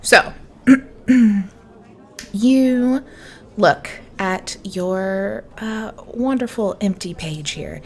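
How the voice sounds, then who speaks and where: A woman's voice: medium pitch, a little mellow. A woman narrating a tabletop game as game master, playful and laughing as she corrects herself.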